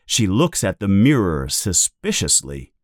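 A man narrating a children's story in a slow, deliberate, expressive way. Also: low-pitched, no room sound, studio quality. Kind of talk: storybook reading.

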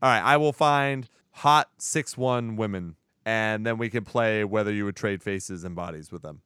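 Podcast host, man, lively storyteller with a resonant voice, recorded dry. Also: lowish voice, normal speed, clean tone, no echo. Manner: animated storytelling, acts out quotes, laughs often. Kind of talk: casual movie review chat.

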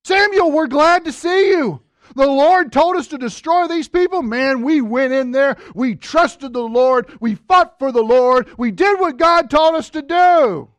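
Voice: high voice, animated, unhurried, no room sound, voice pushed up. A Bible teacher voicing a boastful ancient king who eagerly justifies himself. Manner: eager, overly pleased with himself.

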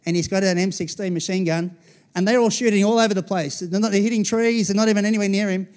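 A man's voice: high-pitched, fairly even intonation, quick pace, a little mellow. An Australian pastor in his forties giving a conversational sermon, often checking in with the congregation. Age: 40s.

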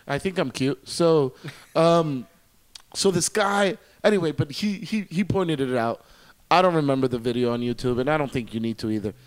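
A man's voice: fairly high pitch, normal speed. A man co-hosting a podcast, chatting casually and rambling animatedly, swearing freely. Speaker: podcast co-host. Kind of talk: casual chat.

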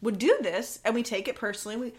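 A woman therapist in casual podcast conversation, expressive and blunt, acting out quotes and swearing casually. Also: fairly high pitch, quick pace.

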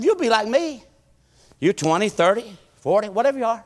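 A preacher in his fifties with a notably high voice for a man. He delivers a rhythmic church sermon that rises to shouted appeals and drops to quiet, folksy asides. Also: expressive, moderate pace. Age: 50s. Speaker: pastor.

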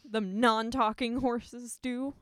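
A woman's voice: a little high, fairly even intonation, slow, clear, resonant tone, dry recording, studio quality. A woman chatting about a book with a friend, laughing and reacting with short remarks. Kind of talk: casual book discussion.

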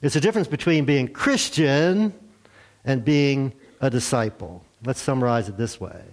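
A man preaching a sermon, telling a story with lively acted-out voices. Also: mid-range voice, normal speed. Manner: animated storytelling, acts out characters. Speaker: pastor.

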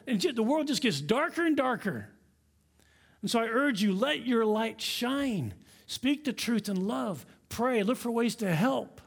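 A man preaching a sermon as pastor in a church, earnest and exhorting his congregation. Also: high-pitched. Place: church sanctuary.

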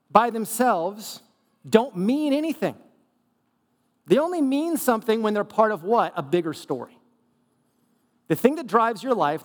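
A man's voice: high-pitched, big-room sound. A man preaching a sermon as a pastor, conversational and humorous, asking the congregation rhetorical questions. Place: church sanctuary.

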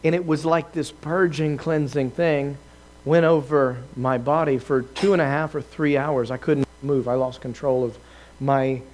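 A man preaching a lively testimony, telling his story with laughs and acted-out quotes to a live audience. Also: fairly high pitch, unhurried. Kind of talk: sermon testimony.

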